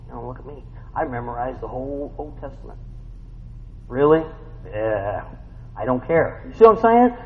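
Lively conversational preacher in a reverberant hall. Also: male voice, mid-range voice, normal speed, long pauses, a little hiss or hum. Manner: conversational, storytelling, rhetorical questions. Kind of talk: sermon. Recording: muffled sound with long hall reverb.

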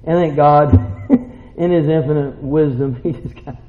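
A male pastor preaching a sermon in a church, folksy and casual, swinging from hushed asides to excited outbursts. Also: on the high side, unhurried. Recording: roomy, dull hall sound.

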